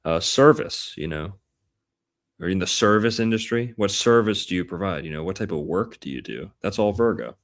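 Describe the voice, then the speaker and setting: Deep-voiced man riffing playfully. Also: animated. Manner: playful, punning, drawn-out emphatic words. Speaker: podcast host. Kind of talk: casual chat about astrology.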